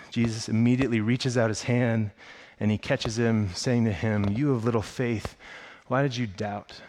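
A man preaching a sermon. He tells the story with excitement and acts out the characters' lines in a higher voice. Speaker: pastor.

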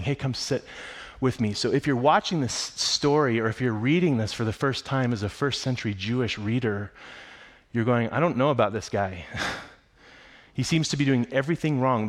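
A man preaching a sermon in a casual, conversational way, with playful asides while he reads and explains scripture. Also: mid-range voice. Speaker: pastor.

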